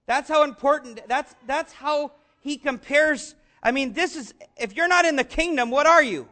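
A man preaching a sermon, earnest and conversational, rising to shouts on key lines. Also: extremely high pitch, moderate pace. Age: adult, father of young children. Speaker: pastor.

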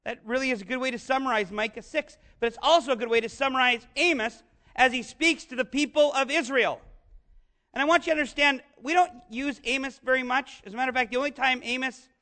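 A man gives a sermon in a high, clear voice that sounds bright and forward. He keeps it conversational, asks the congregation questions and slips in dry jokes between points. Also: steady tone, quick pace. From northern United States. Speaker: pastor.

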